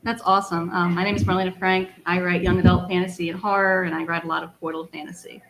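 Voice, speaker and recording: A woman moderating a convention panel, relaxed and hesitant, with frequent ums. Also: fairly low pitch, quick pace, rough recording.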